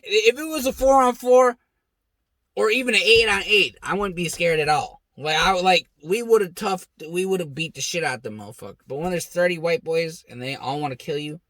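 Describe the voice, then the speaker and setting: Blunt, profane young man with a bright voice. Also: on the high side, dry recording. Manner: blunt, heavily profane, animated; acts out quoted lines with raised shouting voice. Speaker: host. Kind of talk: casual storytelling monologue.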